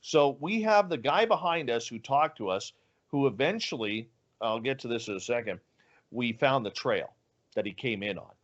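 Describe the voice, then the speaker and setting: A man's voice: medium pitch, lively intonation, normal speed, muffled recording. A man telling a story as a guest in an interview, acting out the dialogue with animation. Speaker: guest, radio show host.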